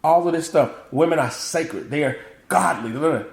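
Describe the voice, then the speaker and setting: A middle-aged man from the American South tells stories in a casual interview, voicing his relatives and laughing along. His voice sits a little high for a man. The room is noticeably echoey. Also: a little fast, creaky. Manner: animated, acts out family quotes, laughs often. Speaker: guest, author and motivational speaker. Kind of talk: casual interview chat, storytelling.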